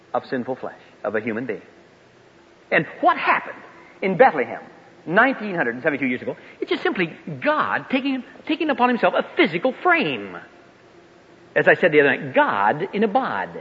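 Older guy preaching, voice swoops all over, pretty high, echoey hall, muffled lo-fi old tape. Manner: animated, swooping pitch, folksy and emphatic. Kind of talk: sermon. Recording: echoey hall, dull lo-fi sound.

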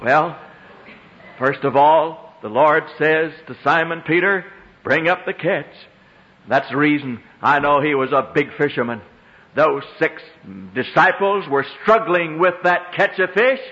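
A man preaching a sermon, swinging between hushed low phrases and high ringing exclamations, drawing out scriptural lines in old-fashioned diction. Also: measured pace. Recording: long hall reverb, dull lo-fi sound.

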